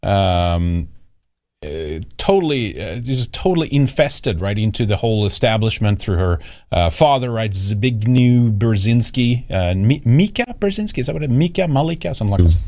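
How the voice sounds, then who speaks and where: A man's voice: lowish voice, expressive, normal speed, warm tone. A man hosting a commentary show, talking over news clips in a mocking, rambling way with lots of fillers.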